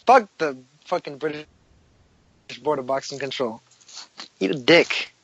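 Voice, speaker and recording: A man's voice: fairly high pitch, measured pace, no room sound, muffled recording. A man co-hosting a casual boxing chat with a mock-serious, sarcastic manner and plenty of swearing. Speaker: podcast co-host.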